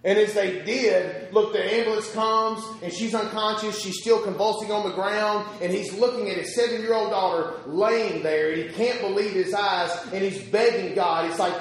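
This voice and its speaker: Male preacher, high voice, storytelling sermon, heavy hall echo. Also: steady tone. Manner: storytelling with pauses, repeats words, swings loud and soft.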